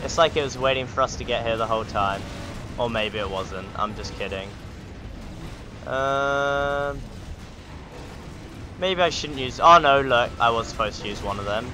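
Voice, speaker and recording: A man's voice: mid-range voice, normal speed, long pauses. A man hosting a gaming channel, giving joking, sarcastic let's play commentary. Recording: game sound noise behind the voice.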